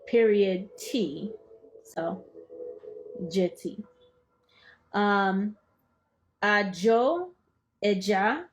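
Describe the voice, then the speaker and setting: A woman hosting a study session, reading a book aloud and stopping to explain it in her own words, playful and quick to laugh at herself. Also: mid-range voice. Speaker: study group host.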